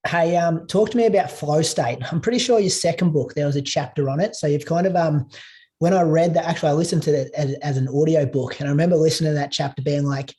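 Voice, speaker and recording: A man hosting a podcast interview, relaxed and conversational. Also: a little high, fast. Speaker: podcast host.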